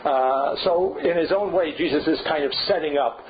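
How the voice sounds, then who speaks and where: Older male seminar leader, slightly high voice, musing and restarting as he lectures. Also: normal speed. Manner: thinking aloud, frequent restarts and asides. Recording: dull lo-fi recording with faint hiss.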